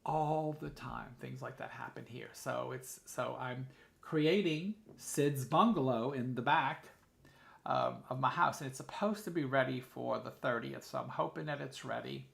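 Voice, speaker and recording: Chatty man with a gravelly voice. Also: medium pitch, a little slow, fairly bright tone, reverberant. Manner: chatty storytelling with many restarts. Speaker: podcast host and medium. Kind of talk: casual live-stream chat.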